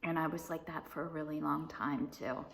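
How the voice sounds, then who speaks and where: Chatty woman clearing a tickly throat. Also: deep voice, fairly even intonation, moderate pace, a little hiss or hum. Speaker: vlogger. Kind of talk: personal recovery vlog, casual talk.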